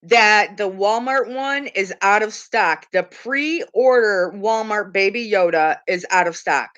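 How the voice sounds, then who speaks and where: A woman's voice: mid-range voice, slow, a bit bright, lo-fi sound. A middle-aged woman, a mother, chatting casually on her live stream. She tells stories with lots of giggles and acts out the voices of the people in them. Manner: chatty storyteller, giggles often, mimics voices.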